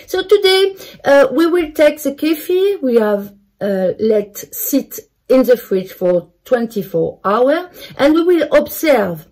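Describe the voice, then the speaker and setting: French woman, home cook, careful step-by-step tutorial delivery, slow pace, pitched a bit high. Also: big pitch swings, darkish tone. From France. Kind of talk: cooking tutorial. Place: home kitchen.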